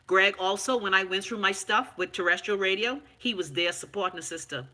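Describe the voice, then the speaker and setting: Bahamian lady hosting a live stream, talks back to comments, swears a lot, bright sharp voice. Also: medium pitch, brisk. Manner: loud, animated, talks back to viewer comments; frank, swears freely. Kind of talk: casual live-stream chat.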